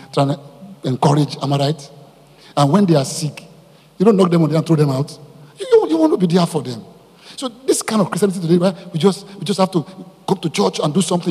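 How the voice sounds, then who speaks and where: A man preaching a sermon to his congregation as their pastor, animated and often putting questions to the listeners. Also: a little high, slightly rough, in a large hall. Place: church hall.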